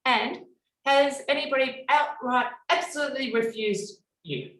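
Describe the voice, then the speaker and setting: A woman's voice: high-pitched, unhurried, a bit bright, reverberant, distant mic. A woman hosting a casual interview, upbeat and asking questions. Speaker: host.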